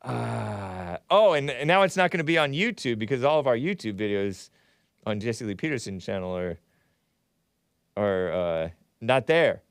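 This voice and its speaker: A man's voice: mid-range voice, big pitch swings, normal speed, vocal fry, clean tone, no echo, clean studio sound. A man hosting his own talk show, delivering a rambling, mocking monologue and laughing often. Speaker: host. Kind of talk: casual monologue.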